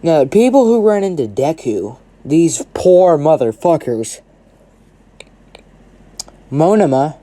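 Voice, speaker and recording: A man's voice: on the high side, sing-song, slow pace, pauses often, mellow. A man narrating an improvised fan story in a rambling way, swearing and tagging lines with "right?". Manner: rambling, swears a lot, keeps saying "right?".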